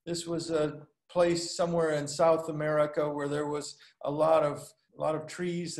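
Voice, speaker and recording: A man preaching a sermon as a pastor, telling a story with halting pauses and fillers, lifting his voice for the dialogue. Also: fairly high pitch, a little mellow, roomy sound. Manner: storytelling, acts out dialogue with lifted voice; halting, many fillers and restarts. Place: recorded for a video call.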